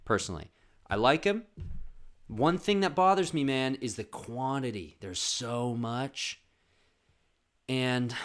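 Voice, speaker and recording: A man hosting his podcast, telling comedic stories casually, animated, often swearing. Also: medium pitch. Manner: animated, swearing, acts out voices in quotes. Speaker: podcast host.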